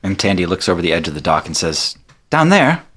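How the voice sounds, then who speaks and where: A man narrating a tabletop game as game master, animated and laughing through the story. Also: low voice, fast talker, slightly rough.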